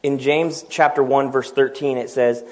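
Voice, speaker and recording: A man preaching a sermon through a personal story, acting out each exchange and laughing at his own moments. His voice sits in an ordinary middle pitch. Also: fairly even intonation, moderate pace, darkish tone.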